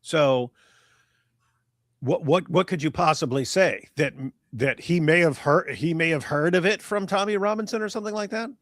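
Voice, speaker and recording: A man's voice: a little high, normal speed, fairly bright tone, no room sound, studio quality. A man co-hosting a live commentary stream, talking emphatically with a mocking edge. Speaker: co-host.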